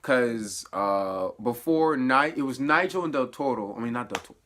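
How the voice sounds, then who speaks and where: A man at an ordinary middle pitch talks through a TV episode in a loose, casual review. He laughs often and swings between quiet, low asides and sudden excited, raised outbursts. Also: normal speed. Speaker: TV review vlogger. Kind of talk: casual spoiler review chat.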